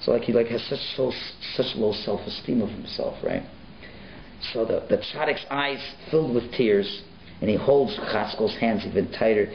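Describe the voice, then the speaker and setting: A rabbi telling a story in a sermon, animated and folksy, sprinkling in Yiddish words, in an echoey, muffled recording. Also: male voice, fairly low pitch, normal speed, gravelly, slight background noise.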